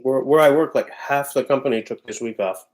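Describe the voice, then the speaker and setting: At a brisk clip and a medium pitch, this livestream host chats from home and reads out comments from viewers. His manner is loose, chatty and offhand, with frequent bursts of laughter.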